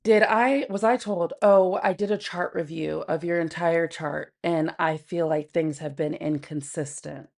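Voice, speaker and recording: A woman with a gravelly, somewhat low voice hosts a casual livestream from home. She talks to her viewers bluntly and with plenty of swearing. She laughs often between remarks. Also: unhurried, hardly any pauses. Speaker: livestream host.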